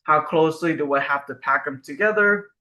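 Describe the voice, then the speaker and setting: A man's voice: fairly high pitch, brisk, pushed and bright. A young man giving a recorded research presentation, explaining step by step and asking rhetorical questions.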